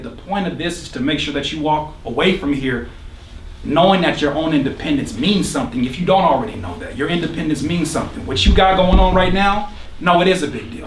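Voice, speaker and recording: A man giving an energetic, preachy motivational talk to a live audience, quizzing the crowd and joking along the way. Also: a little high, a little hiss or hum. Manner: energetic, preachy, questions the crowd, jokes and laughs. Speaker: motivational speaker at a producer workshop. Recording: roomy hall, speaker far from the mic.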